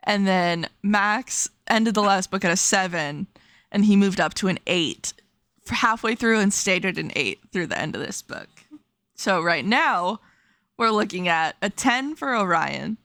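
A woman co-hosts a casual book podcast and reads passages aloud at a brisk clip. Her voice sits at a middling pitch. The sound is dry and close to the mic. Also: expressive, fairly bright tone, dry recording. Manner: reads passages aloud quickly, laughs while talking. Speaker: podcast co-host.

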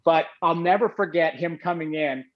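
A man with a high voice tells an animated, rambling story in casual chat, often restarting his sentences. The recording has a dull, lo-fi quality. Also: normal speed. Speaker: former hockey goalie, guest.

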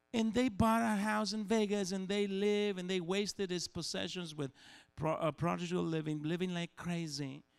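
A man preaching a sermon, animated and humorous, acting out little scenes and voices as he goes. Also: a little high, creaky, clean tone. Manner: animated, acts out voices and dialogue, humorous asides.

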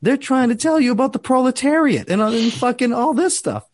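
A man hosting a podcast, telling a profane, animated story in casual chat. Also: extremely high pitch, brisk. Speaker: podcast host.

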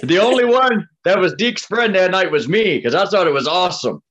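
A man, co-hosting a podcast in a relaxed, casual way, often adding "man" and "you know what I mean.". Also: high-pitched, fairly quick. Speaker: podcast co-host. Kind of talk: casual chat. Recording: dull lo-fi audio.

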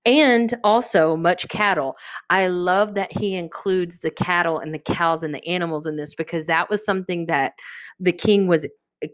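A woman hosting a podcast, teaching a casual Bible study in a lively, chatty way and acting out the characters. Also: on the low side, normal speed, no room sound, studio quality. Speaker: podcast host.

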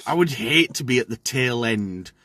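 A man chatting casually, telling things in a slow, playful way. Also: medium pitch, lively intonation, sharp tone, no room sound. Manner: slow, playful storytelling with comic voices. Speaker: community member. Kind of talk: casual chat.

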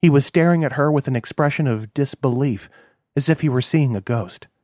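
Male narrator, measured, mid pitch, dry close read. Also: darkish tone, no echo. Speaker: audiobook narrator. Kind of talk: scripted narration.

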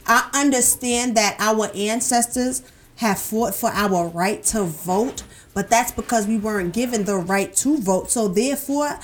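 A woman's voice: a little high, unhurried, slight background noise. A woman from Brooklyn with a New York accent, co-hosting a casual radio chat in a brash, teasing way. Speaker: radio show co-host.

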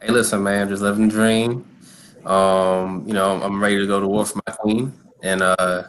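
Relaxed low-voiced man. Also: normal speed, a little hiss or hum. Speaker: podcast guest. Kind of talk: casual chat.

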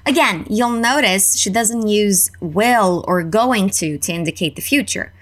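A woman with a Canadian accent teaching an English lesson and repeating phrases slowly for learners. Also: medium pitch, a bit bright. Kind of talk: slow, clear language lesson.

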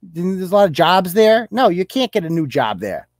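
A man on his podcast, ranting hard with profanity and sarcasm. His voice sits a little higher than most men's, and the sound is dry and close with no room around it. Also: big pitch swings, normal speed, no room sound. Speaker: podcast host. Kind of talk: ranting political commentary.

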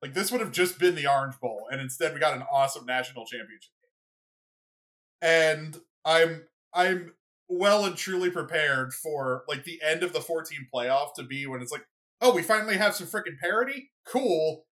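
A young adult podcast host in a casual solo rant, rambling and excitable, with lots of "like" and "you know". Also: medium pitch, normal speed. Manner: rambling, filler-heavy, excitable.

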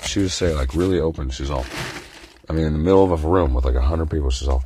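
A man's voice: a bass voice, quick pace, warm tone, a little hiss or hum. A man in a casual monologue, telling about a meeting in a profane, agitated rant.

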